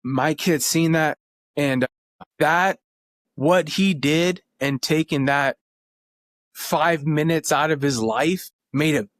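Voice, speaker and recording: A man's voice: on the high side, no echo, studio quality. A man in his thirties, a podcast guest, telling family stories in an earnest, emotional way. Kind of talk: casual interview talk.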